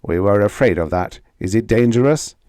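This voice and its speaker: A man's voice: fairly low pitch, lively intonation, moderate pace, darkish tone, clear, resonant tone, no echo, studio quality, lightly acted. A man reading the lines of a brusque military commander speaking over a ship's radio panel, clipped and commanding.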